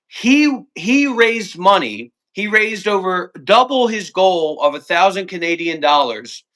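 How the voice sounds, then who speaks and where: A man's voice: sits high, bright, forceful tone. A man arguing on a livestream, profane and confrontational, firing off commands in long repetitive lists. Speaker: call-in guest. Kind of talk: heated livestream argument.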